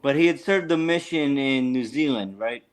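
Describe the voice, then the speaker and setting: An American man hosting a casual chat, telling stories in a crude, animated way. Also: medium pitch, moderate pace, smooth. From United States. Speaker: host.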